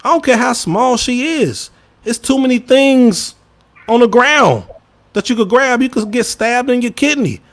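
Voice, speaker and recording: Speaking a little slowly in an expressive voice, a Chicago podcast co-host delivers casual opinions with emphasis. He alternates loud bursts with low mutters and talks to listeners head-on, using y'all.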